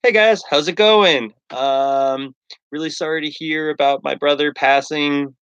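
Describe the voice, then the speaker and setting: A man's voice: on the high side, a little slow, fairly bright tone, clear, resonant tone, no room sound, lo-fi sound, voice pushed up. A man voicing a cheery mustached male successor who introduces himself in an overly upbeat way. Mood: chipper.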